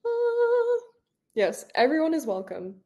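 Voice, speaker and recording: A woman's voice: extremely high pitch, wildly swooping pitch, takes it slowly, dark tone, dull audio. A woman teaching a live online English class, upbeat and encouraging as she talks to her students.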